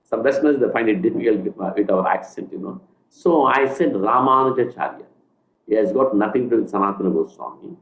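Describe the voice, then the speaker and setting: A man with an Indian accent speaking after a lecture, apologetic and quick to laugh at himself. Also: lowish voice, lively intonation, roomy sound, highs cut off. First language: Indian language. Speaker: visiting speaker. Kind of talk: casual talk after a lecture.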